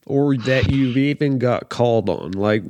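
A man's voice: mid-range voice, unhurried, a little mellow. A man hosting a podcast and asking casual, curious questions. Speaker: podcast host.

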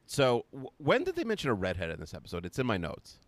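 A man's voice: medium pitch, huge pitch swings, quick pace. A middle-aged man from the United States co-hosting a podcast, chatting casually with dry, wry asides. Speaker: podcast co-host. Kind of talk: casual chat.

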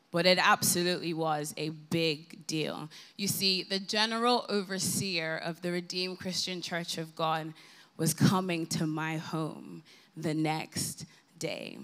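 A young woman with an Irish accent preaches to a gathering, her lowish voice bright and forceful. She tells a story with humor and drives her points home by repeating key phrases. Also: measured pace. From Ireland. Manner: animated and humorous, building emphasis by repeating phrases. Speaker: guest speaker. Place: live worship gathering.

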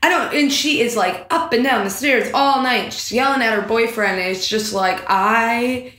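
A woman co-hosting a podcast, telling stories in a casual, animated and exasperated way. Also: a little high, normal speed. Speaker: podcast co-host. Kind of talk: casual chat. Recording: roomy echo.

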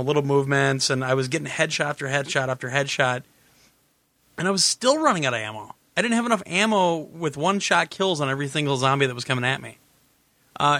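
A man hosting a gaming podcast in casual chat, rambling and correcting himself, laughing often, a little hoarse. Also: fairly high pitch, bright, forceful tone, dry recording. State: losing his voice. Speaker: podcast host.

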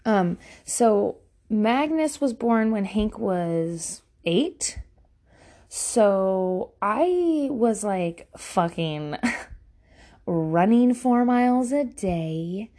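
A woman's voice: medium pitch, expressive, drawn-out words, mellow. A woman in her thirties hosting a podcast, ranting casually with lots of swearing and sarcasm. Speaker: podcast host. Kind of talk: casual monologue.

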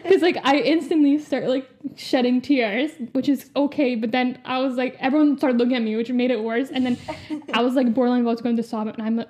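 High-pitched young woman on a podcast, rambles, says like constantly. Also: fairly even intonation, fast talker, mellow, a little hiss or hum. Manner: rambling, heavy use of "like". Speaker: podcast co-host. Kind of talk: casual chat.

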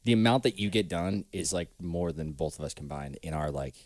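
A man's voice: sits low, steady tone, a little fast, a little mellow, dry recording. A man co-hosting a podcast in casual, joking chat, rambling and laughing often. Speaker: podcast co-host. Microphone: studio microphone with low cut.

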